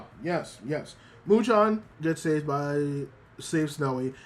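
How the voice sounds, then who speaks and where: Rambling, cursing VTuber guy, higher voice. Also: sing-song, takes it slowly, long pauses. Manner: rambling, swears freely, repeats himself. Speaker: VTuber streamer. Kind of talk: casual livestream chat.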